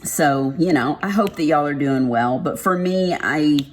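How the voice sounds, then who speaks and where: Low, slow-talking Texan woman, casual and blunt craft vlogger. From Texas. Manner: rambling, frank, uses y'all and mild swearing. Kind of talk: casual chat while diamond painting.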